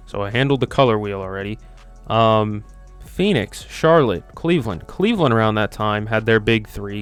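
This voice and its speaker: A young man with a lowish, fairly bright voice and a clean tone hosts a quiz video. He chats casually while playing, thinking out loud with plenty of ums and self-mocking asides.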